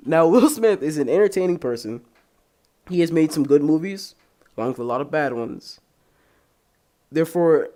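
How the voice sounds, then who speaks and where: A man's voice: a little high, normal speed. A young man hosting a podcast in casual chat, rambling and swearing freely. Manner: animated, profane, rambling. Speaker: podcast host.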